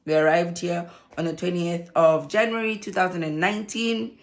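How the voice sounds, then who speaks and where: Speaking at an ordinary pace in a fairly low pitch, this South African vlogger, who also works as a social worker, chats casually to camera. She tells her story animatedly, with lots of laughter.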